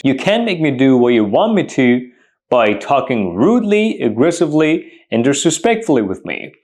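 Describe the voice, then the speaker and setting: A man's voice: mid-range voice, a little mellow. A man teaching English idioms to camera, emphatic and repetitive, piling up synonyms.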